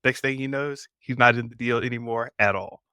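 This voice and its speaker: A man's voice: mid-range voice, fairly quick, clear, resonant tone, no echo, clean studio sound. A man hosting a podcast in casual chat, telling stories and acting out quotes. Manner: animated storytelling with voiced quotes. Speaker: podcast host.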